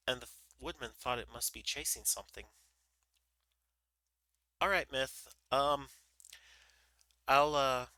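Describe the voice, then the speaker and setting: Streamer reading a story aloud, very bright voice, stumbles a bit. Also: male voice, mid-range voice, dry recording, low-quality recording. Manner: relaxed, with small slips and restarts. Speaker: livestream storyteller. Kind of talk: reading a children's book aloud.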